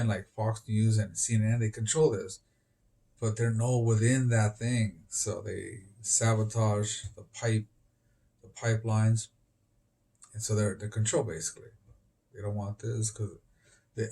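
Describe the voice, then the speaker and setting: A man speaking outdoors to an interviewer, at an ordinary mid pitch. His talk rambles and jumps loosely from one topic to the next. At times he grows louder and more emphatic. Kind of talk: rambling street conversation.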